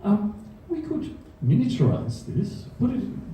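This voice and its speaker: A slow-talking man with a dark, mellow voice delivers dry science jokes on a comedy stage, chuckling at his own lines. His pitch moves about in a lively way. He is picked up from some distance in a very echoey hall, with faint room noise behind him. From Australia. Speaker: university researcher giving a comedy science talk. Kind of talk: stand-up science talk. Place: comedy venue stage before a live audience.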